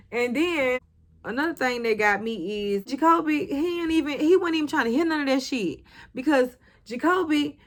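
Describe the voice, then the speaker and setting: A young woman recapping a TV episode in a casual, sassy, blunt way, swearing and talking back to the characters. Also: high-pitched. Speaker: recap vlogger.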